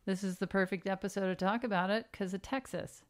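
A middle-aged woman co-hosting a casual podcast with a dry, deadpan humor. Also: medium pitch, fairly quick. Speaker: podcast co-host.

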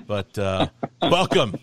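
A man's voice: fairly low pitch, sing-song, slow, a bit bright. A man hosting a sports podcast, talking casually with lots of fillers and restarts. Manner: rambling, many fillers and restarts. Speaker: podcast host.

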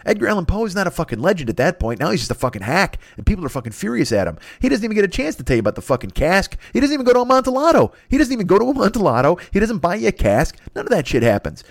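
Man in his 50s, rapid rambling comedic rant, heavy swearing, dry close-sounding voice. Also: on the high side, sing-song, vocal fry, dry recording. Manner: rambling, profane, acts out silly voices. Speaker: podcast host.

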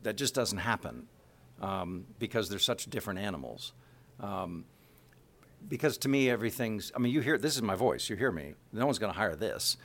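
A man's voice: fairly low pitch, normal speed. A middle-aged man from Kansas City, a voice actor chatting in an interview and slipping into character voices as he talks. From Kansas City, USA. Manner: animated, slips into character voices mid-sentence. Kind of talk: casual interview chat.

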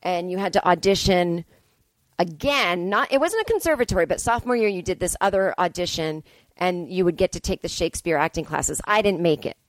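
A woman's voice: on the low side, a little fast, dry recording. Ranting, profane woman telling stories. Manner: profane, ranting, animated storytelling. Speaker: podcast host. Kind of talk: comedic storytelling monologue. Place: Brooklyn.

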